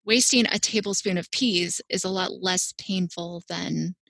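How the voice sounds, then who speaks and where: Woman guest, feeding expert, animated and reassuring, dry close sound. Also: lowish voice, a little slow, gravelly, breathy edge, no echo. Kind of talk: casual interview talk.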